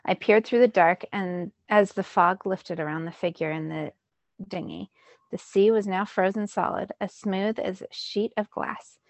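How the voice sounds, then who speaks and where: A woman teacher reading a children's novel aloud in a steady storytelling way. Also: mid-range voice, a little slow, no echo.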